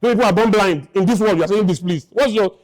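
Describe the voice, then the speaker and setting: In a high-pitched voice and at a racing pace, a man in his fifties lectures a live audience on motivation, hammering points home and tossing out rhetorical question after rhetorical question.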